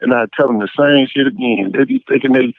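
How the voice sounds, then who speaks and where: A man calling into a podcast, telling stories in an animated, emphatic way. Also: medium pitch, quick pace, dry recording. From Champaign, Illinois area. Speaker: caller. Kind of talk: casual call-in chat. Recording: tinny dry phone line.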